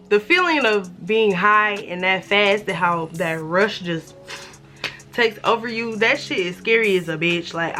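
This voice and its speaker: A woman's voice: mid-range voice, pushed and bright. A young adult woman vlogger telling a casual, profane storytime, acting out the voices of the people in it.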